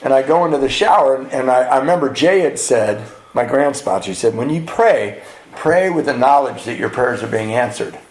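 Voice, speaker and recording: A man's voice: mid-range voice, animated, a little fast. A man speaking at a men's retreat, telling a candid personal recovery story and acting out the lines of the people in it. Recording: roomy echo in a retreat hall.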